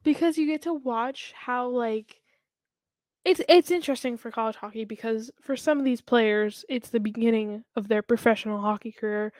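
Higher-voiced woman laughing through a podcast. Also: moderate pace, a little mellow, no echo. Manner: laughs often, says "like" a lot, restarts sentences. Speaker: podcast co-host. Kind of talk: casual chat.

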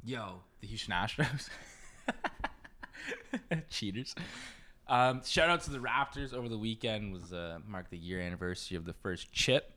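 A man's voice: lowish voice, lively intonation, unhurried, pauses often, bright, forceful tone. A young man co-hosting a podcast in casual chat, laid-back and jokey, swearing freely. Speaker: podcast co-host.

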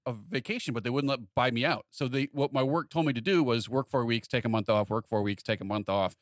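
In studio-quality audio with no room sound, a medium-pitched man speaks fast. As a podcast co-host chatting casually, he narrates a story and brings its people to life by acting out their voices.

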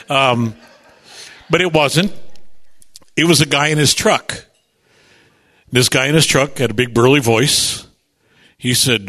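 A man hosting a radio show, chatty and animated as he tells stories, often stumbling over repeated words and slipping into voices. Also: on the high side, a little slow, long pauses. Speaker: radio host. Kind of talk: animated on-air storytelling. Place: radio studio.

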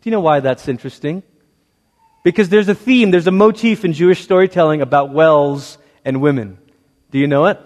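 Male pastor, high voice, chatty storytelling sermon, acts out quotes, big hall reverb. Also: a little fast, darkish tone.

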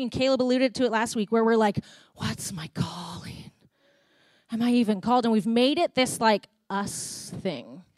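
A woman's voice: fairly high pitch, no room sound. A woman with a Canadian accent preaching a sermon in a church, telling stories in a chatty way and acting out conversations. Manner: chatty storytelling, reenacting conversations.

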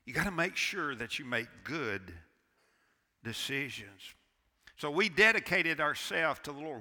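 A pastor in his sixties preaching an impassioned sermon, swinging between loud and hushed. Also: fairly high pitch, animated, a little slow. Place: church sanctuary. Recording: long church reverb.

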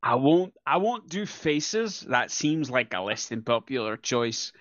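A man's voice: mid-range voice, animated, slow pace, fairly bright tone, no room sound, lo-fi sound. A man playing a tabletop game, joking in a hesitant way with lots of fillers. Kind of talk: casual in-character chat.

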